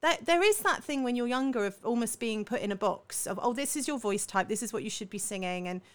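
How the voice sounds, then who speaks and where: A woman's voice: a little high, expressive, a little fast, smooth. A woman from southern England working as a voice coach, explaining vocal technique in an enthusiastic, affectionate interview manner. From Salisbury, southern England. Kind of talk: conversational interview.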